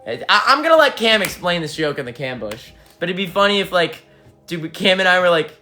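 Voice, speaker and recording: A young man, a band frontman, chatting casually with fans on a livestream, excitable and swearing, jumping from topic to topic. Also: sits high, brisk, soft background music. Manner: excitable, swearing, hype-driven, jumps between topics. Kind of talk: casual livestream chat with viewers.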